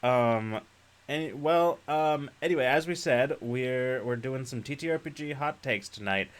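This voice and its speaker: A man's voice: medium pitch, a little slow. A man co-hosting a live stream, chatting casually and rambling with lots of fillers and laughs. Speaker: podcast co-host.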